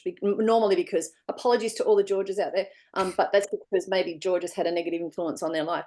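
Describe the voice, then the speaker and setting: Casting: mellow-voiced Australian woman, interview guest on a video call, lively storyteller. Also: on the low side, fast talker, hardly any pauses. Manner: animated storyteller acting out voices. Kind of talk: online interview.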